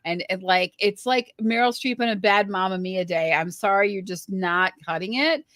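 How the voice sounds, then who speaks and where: A woman hosting a podcast in casual chat, leading the discussion in a lively way. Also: mid-range voice, normal speed, no echo, studio quality. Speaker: podcast host. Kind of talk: casual chat recapping a reality show.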